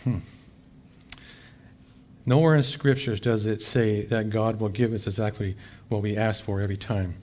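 Folksy pastor, chatty sermon. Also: male voice, fairly low pitch, fairly even intonation, moderate pace, pauses often, a little mellow. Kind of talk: casual sermon.

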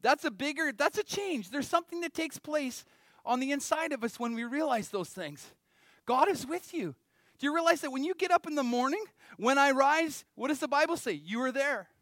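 Man, middle-aged preacher, very high voice, close and dry, chatty sermon with rhetorical questions. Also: fairly bright tone, dry recording. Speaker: pastor.

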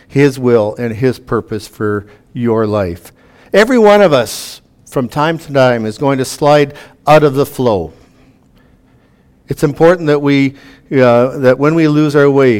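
A man's voice: medium pitch, a little mellow. A man preaching a sermon to a room, earnest, reading scripture aloud with emphatic rises.

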